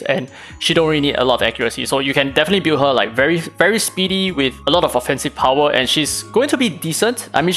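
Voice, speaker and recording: A man hosts a game guide and breaks down tactics at a rapid clip. His voice sits a touch high for a man, and his delivery is casual and analytical. Soft music plays faintly behind him. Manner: casual, analytical, fast-talking with fillers. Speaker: gaming channel host.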